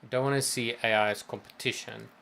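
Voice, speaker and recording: A man's voice: mid-range voice, steady tone, fast, vocal fry, sharp tone, slight background noise. A man co-hosting a gaming livestream, talking in a thoughtful, rambling way that is full of restarts. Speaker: co-host of a gaming stream. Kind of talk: casual chat.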